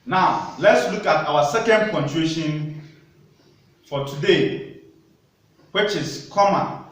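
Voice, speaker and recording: A man teaching a primary school lesson, speaking slowly and deliberately and putting questions to young pupils in a classroom. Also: on the high side, a bit bright. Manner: slow, deliberate teacher talk with questions to children. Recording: echoey room, voice from a distance.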